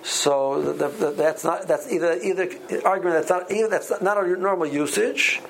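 A man teaching a Talmud class, speaking haltingly with many repeated words and ums. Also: high voice, vocal fry, slight background noise, low-quality recording. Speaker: Torah teacher.

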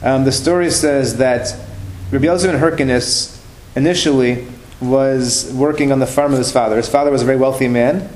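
A man's voice: medium pitch, fairly even intonation, brisk, darkish tone. Man teaching religious stories, roomy sound. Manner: conversational, repeats and restarts phrases. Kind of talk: telling religious stories in a class. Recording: roomy room with faint noise.

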